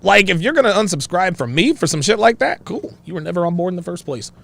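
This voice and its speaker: A man hosting a casual livestream, reading out viewer donations in a profane, excitable way and laughing often. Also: sits high, quick pace, vocal fry. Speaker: host.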